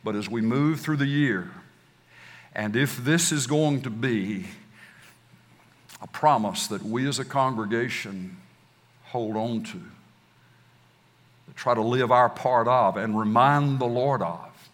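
A man preaching a sermon as pastor, leading his congregation in call and response with slow, emphatic recitation. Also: mid-range voice. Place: church sanctuary. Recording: distant hall reverb, faint ambience.

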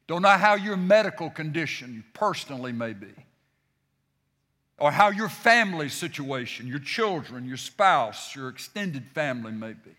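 A man's voice: a little high, bright, forceful tone. A male pastor preaching a sermon, with repeated phrases, call-and-response with the congregation, and frequent restarts.

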